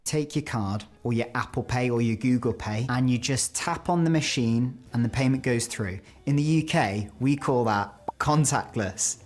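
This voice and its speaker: A man's voice: mid-range voice, normal speed, hardly any pauses. A British man from the UK presenting a chatty, self-mocking video about how words are pronounced. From United Kingdom. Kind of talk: scripted video commentary on word pronunciations.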